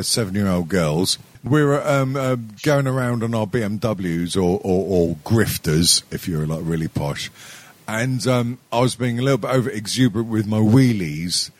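A young man chatting on a podcast, his pitch swinging all over the place as he rambles. He stumbles through restarts, swears freely and laughs along with his own stories. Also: animated, moderate pace, no room sound. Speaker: podcast co-host. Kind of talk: casual sweary chat.

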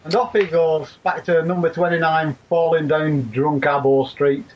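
A man's voice: fairly high pitch, fairly even intonation, moderate pace, a little hiss or hum. A man with a Lancashire accent chatting on a podcast, rambling and swearing constantly. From Leigh, near Wigan, England. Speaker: podcast guest. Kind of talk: casual chat on a podcast. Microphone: laptop internal mic. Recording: dull lo-fi laptop mic.

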